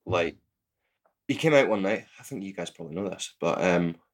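A man hosting a casual podcast, reacting with quick laughs and agreement. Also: sits low, animated. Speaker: podcast host.

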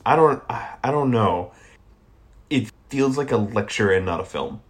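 A man's voice: medium pitch, animated, measured pace. A man from the American South co-hosting a movie podcast, giving blunt, sardonic and profane takes on films. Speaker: podcast co-host. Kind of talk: casual movie podcast chat.

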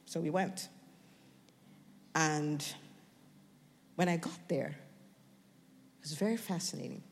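An American woman preaching a sermon, animated, often asking the crowd questions and building up to shouting. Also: deep voice, slow. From United States. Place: church. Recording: long reverb of a church hall.

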